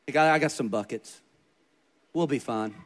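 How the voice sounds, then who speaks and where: A man voicing his calm, easygoing old grandfather in a slow, low drawl, told within a sermon. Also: lightly acted. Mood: unbothered. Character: calm, unflappable old grandfather who whistles.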